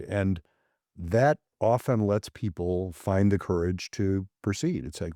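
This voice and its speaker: Low, mellow man explaining reflectively. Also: slow, no echo, clean studio sound. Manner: reflective, explains with quoted examples. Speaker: psychologist, guest. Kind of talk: podcast interview.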